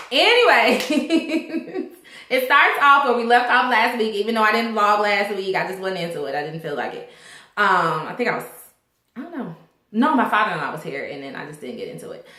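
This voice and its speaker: A young woman talks through a TV episode in a loose, animated vlog, swearing freely and slipping into the characters' voices. Her voice sits high and bright, and the room around her is echoey. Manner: animated, profane, acts out characters' lines. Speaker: TV show reviewer. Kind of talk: casual vlog recap.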